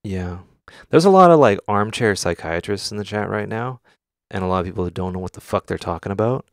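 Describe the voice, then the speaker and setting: Gravelly low-voiced man streaming, blunt and sweary. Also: animated, brisk, no room sound, studio quality. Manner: candid, swears often, answers chat questions. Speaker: music producer streamer. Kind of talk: casual live-stream chat. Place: home studio.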